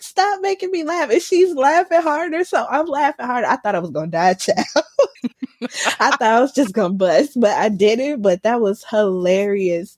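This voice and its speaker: A woman in casual chat, telling a story animatedly and laughing often. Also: dry recording. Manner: animated storyteller, laughs often, slips into high squeals when quoting herself.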